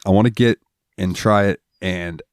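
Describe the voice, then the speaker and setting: Deep voiced dude cohosting a podcast, cussing a lot, acting out people in his stories, dry close sound. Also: moderate pace, clean tone, no room sound. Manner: profane, animated storyteller acting out voices. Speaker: podcast co-host. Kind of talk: casual podcast chat.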